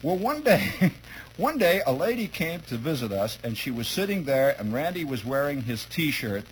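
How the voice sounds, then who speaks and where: A man's voice: mid-range voice, moderate pace, a little hiss or hum, low-quality recording. A man telling a humorous childhood story to listeners, chuckling often and acting out the scenes. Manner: chuckling, lively, acts out scenes.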